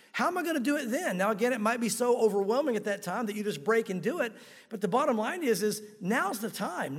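A man's voice: high voice, long reverb tail. A male pastor preaching a sermon, earnest and direct, putting rhetorical questions to his listeners.

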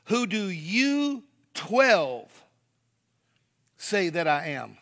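A man voicing an earnest teacher questioning his followers, slow and deliberate. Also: sits high, sing-song, a bit bright, heavily acted.

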